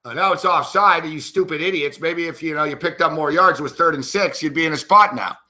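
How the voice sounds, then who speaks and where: A man's voice: a little high, brisk, pushed and bright. A man, a sports betting analyst, giving frustrated, profane live reactions to a football game.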